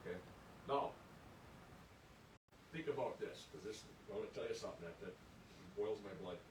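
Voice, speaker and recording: A man's voice: lively intonation, moderate pace. An older man from Michigan's Upper Peninsula giving an earnest, indignant history lecture, reading quotes aloud and restarting his words as he goes. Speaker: presenter at an archives lecture. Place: lecture room. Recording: echoey room, distant mic, faint rumble.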